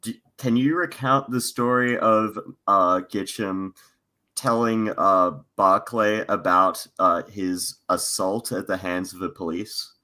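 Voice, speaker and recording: A man's voice: lowish voice, steady tone, slow, sharp tone. An Australian man chatting on a podcast, telling anecdotes in a wry, dry way. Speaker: podcast guest. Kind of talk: casual chat.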